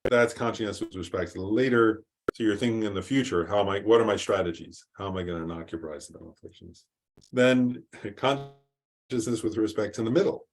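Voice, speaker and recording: A man teaching a Buddhist class in a relaxed, conversational way, often stopping to ask "right?" and filling pauses with "um". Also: on the low side, a little hiss or hum. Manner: conversational, rephrases with frequent "right?" and "um".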